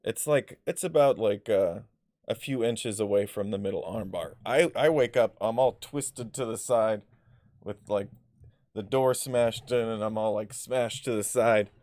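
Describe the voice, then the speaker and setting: A man's voice: on the low side, unhurried, darkish tone, no room sound. Rambling man telling stories, dry sound. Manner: rambling, filler-heavy, loses his thread; blunt, swears freely. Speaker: vlogger. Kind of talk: casual personal storytelling.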